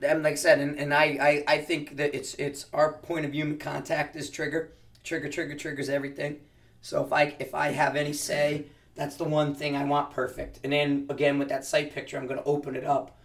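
A man's voice: fairly high pitch, little pitch movement, a little fast, creaky, a bit bright, distant mic. A man who teaches precision rifle shooting, answering interview questions casually and explaining with practical analogies, often restarting his sentences.

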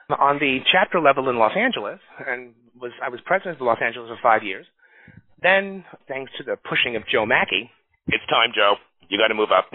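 A man's voice: on the high side, no echo. A middle-aged man from New York who works as a recruiter, telling stories in a casual chat and acting out the people he quotes. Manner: animated storyteller acting out quotes. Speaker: staffing recruiter, association leader. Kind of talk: casual podcast conversation. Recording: tinny phone-like dry sound.

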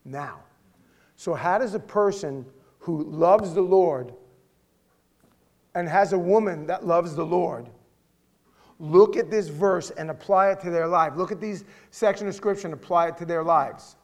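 A male pastor delivering a sermon, direct and conversational, swinging between loud emphatic reading and quiet, intimate asides. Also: on the high side, a little slow.

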